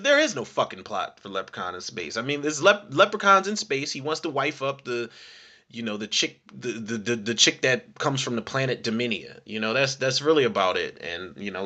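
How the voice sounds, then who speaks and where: A man's voice: fairly high pitch, sharp tone. A young adult man hosting a podcast, casually recapping a horror movie in a rambling, profane way and acting out the lines. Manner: profane, rambling storyteller who acts out quotes.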